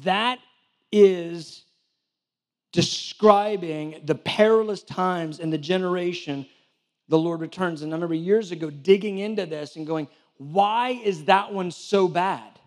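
A man's voice: high-pitched, measured pace. A man preaching a sermon in a conversational way, acting out little back-and-forth dialogues and often restarting his sentences. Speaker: church director preaching.

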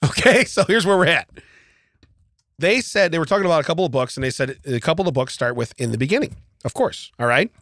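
A man co-hosting a casual podcast chat, telling a story in an animated way with frequent laughs, recorded in a podcast studio. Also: on the high side, fast, dry recording. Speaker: podcast co-host.

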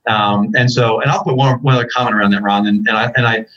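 Male physician on a panel, emphatic, rapid delivery, slightly husky, lo-fi sound. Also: fairly low pitch, fairly even intonation, fairly bright tone. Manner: emphatic, frequent "right?" tags and restarts. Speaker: physician leader. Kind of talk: panel discussion.

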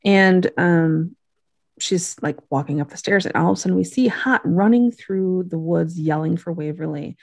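A woman's voice: on the low side, normal speed, gravelly, a little mellow, no room sound, studio quality. A woman chatting casually as a podcast co-host, laid-back with jokey asides. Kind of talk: casual chat recapping a TV episode.

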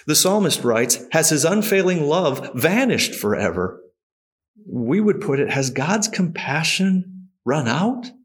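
Expressive male pastor preaching. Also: fairly high pitch. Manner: expressive preaching, reading scripture aloud with emphasis. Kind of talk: sermon.

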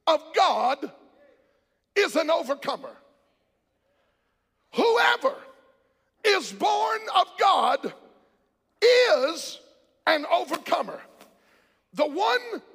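Male pastor, very high gravelly voice, shouted call-and-response sermon, big reverberant church hall.

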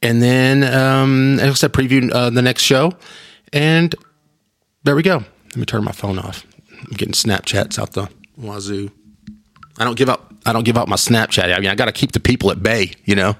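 A man's voice: mid-range voice, normal speed, fairly bright tone. Rambling, chatty podcast host man. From Texas. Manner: chatty, rambling storyteller with frequent restarts and laughs. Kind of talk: casual solo podcast chat.

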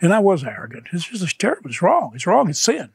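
An older man, appearing as an evangelist guest, tells emotional stories fervently in conversation, repeating phrases for emphasis. His voice is high and fast with wildly swooping pitch, creaky and edged with breath, recorded with no echo.

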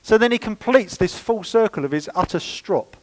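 A man preaching a sermon in church, lively and conversational with playful asides. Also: high voice, normal speed, poor audio. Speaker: pastor.

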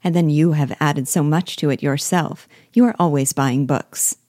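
A woman reading aloud, voicing a snobbish, mocking young lady with scornful, drawn-out emphasis. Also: sits low, warm tone, dry recording, clean studio sound. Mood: arch. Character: sneering snobbish young lady, Miss Bingley.

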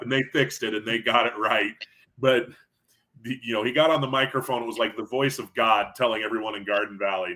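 A man co-hosting a casual high school football podcast, telling stories and acting out quotes. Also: fairly quick. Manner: animated storyteller who acts out quotes. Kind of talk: casual sports podcast chat.

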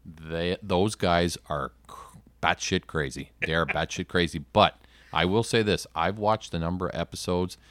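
A laid-back man from Canada, a guest on a podcast, cracking jokes as he talks. His voice is extremely deep, and the recording is close and dry. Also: normal speed, fairly bright tone, no room sound. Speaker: guest, sales rep. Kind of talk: casual chat.

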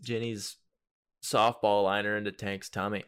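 A young man co-hosting a podcast, telling a story in a casual, animated way. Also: on the low side, a little slow, a crowd in the background. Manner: animated storyteller, loud shouted impressions. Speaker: podcast co-host.

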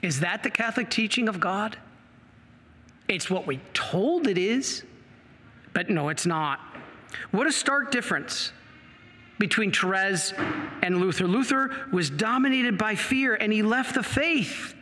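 A man's voice: high voice, animated, a little slow, pauses often, pushed and bright, a little hiss or hum. A middle-aged man, a priest, preaching with passion and telling a story, quoting the people in it. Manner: impassioned, storytelling with acted quotes. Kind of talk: sermon. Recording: long reverb of a large hall.

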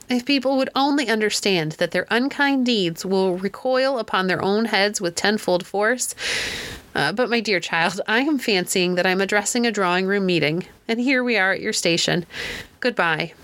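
A woman voicing a kindly older woman in her seventies who is gentle and fond of animals. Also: mid-range voice, no room sound, natural voice. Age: 70s.

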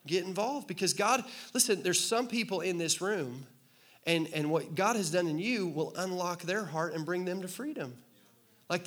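A male pastor delivers a sermon with a slightly higher than usual voice. He talks to his congregation in a loose, joking way and keeps drawing answers out of the room. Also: a bit bright. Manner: conversational, joking, asks the crowd to respond. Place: church hall with congregation.

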